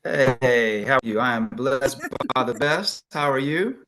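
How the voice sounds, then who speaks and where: A man's voice: mid-range voice, unhurried, a bit bright. A man from Chicago speaking as a guest on a video call, upbeat and earnest about what he believes. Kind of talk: casual talk, motivational.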